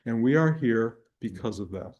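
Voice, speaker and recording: An older man leads a spiritual class, his voice mellow and low in brightness. He tells stories in a meandering way, restarting phrases and chuckling along. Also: animated, normal speed, highs cut off. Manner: rambling storytelling with restarts and chuckles. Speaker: spiritual teacher. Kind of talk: dharma talk to a live and online group.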